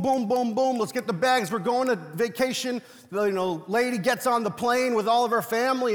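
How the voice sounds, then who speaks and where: Young guy preaching, pretty high voice, jokey chatty storyteller, big echoey hall. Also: fairly bright tone. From Latino family. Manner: conversational, humorous storytelling preacher. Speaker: pastor. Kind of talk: sermon.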